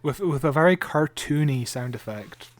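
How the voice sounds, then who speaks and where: A man's voice: a little high, expressive, normal speed. A Scottish man co-hosting a podcast, chatting casually about a TV episode with joking, chuckling asides. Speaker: podcast co-host. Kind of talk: casual chat reviewing a TV episode.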